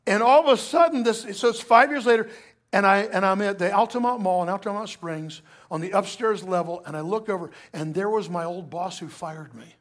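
A middle-aged male pastor preaching a sermon, telling a personal story with lively asides to the congregation. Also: high-pitched, fairly quick.

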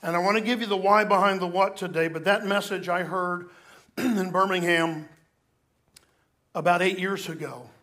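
A man's voice: high voice, steady tone, moderate pace, fairly bright tone. A male pastor preaching a sermon in an earnest, emphatic way. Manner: earnest, emphatic scripture reading.

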